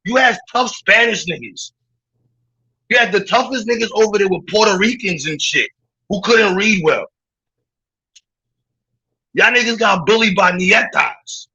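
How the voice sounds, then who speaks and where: A man's voice: high voice, unhurried, pauses often, pushed and bright, breathy edge, dull audio. A man from Brooklyn with a New York accent, hosting a livestream and ranting in a mocking, profane way with bursts of laughter. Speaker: livestream host. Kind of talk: livestream rant.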